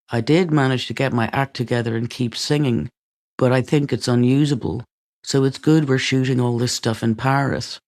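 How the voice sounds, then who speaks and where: A man reading a first-person memoir aloud in a steady way, with dry, wry asides. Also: medium pitch. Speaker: audiobook reader.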